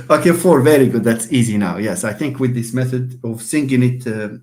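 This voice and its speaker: A man teaching English word stress in an online lecture, drawing out words slowly and with emphasis. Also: mid-range voice, darkish tone. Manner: slow, emphatic, drawn-out words.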